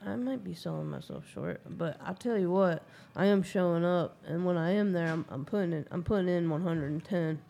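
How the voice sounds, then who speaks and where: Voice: mid-range voice, a little fast, vocal fry, few pauses, warm tone, dull audio. A speaker in a casual chat who talks in a reflective, candid way about personal growth.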